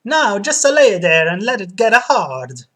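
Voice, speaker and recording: A woman voicing a fussy male barber from a comedy adventure game, reading his lines aloud with a raised pitch. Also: sing-song, slow, fairly bright tone, full character voice. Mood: teasing.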